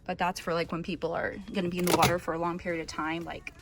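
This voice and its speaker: A woman's voice: lowish voice, level tone, quick pace. Lady showing off her boat, kinda out of breath, lots of ums, music playing behind. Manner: chatty, filler-heavy, self-correcting. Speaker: vlogger giving a boat tour. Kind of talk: casual walkthrough.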